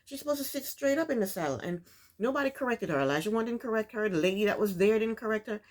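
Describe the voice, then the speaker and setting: A woman's voice: medium pitch, animated, fast talker, darkish tone. Woman host, casual recap chatter, blunt and opinionated. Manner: opinionated, chatty, rhetorical asides to the cast.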